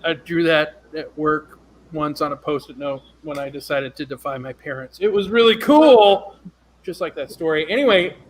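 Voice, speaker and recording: A man hosts a comedy show in a loose, rambling chat between acts. His voice sits high, and faint noise sits behind it. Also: moderate pace, poor audio. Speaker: show host. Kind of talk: casual chat.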